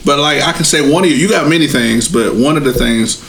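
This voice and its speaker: A man's voice: a little high, fast, gravelly, a bit bright, a little hiss or hum, low-quality recording. A man in casual podcast chat, talking in an earnest, reflective way. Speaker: podcast co-host.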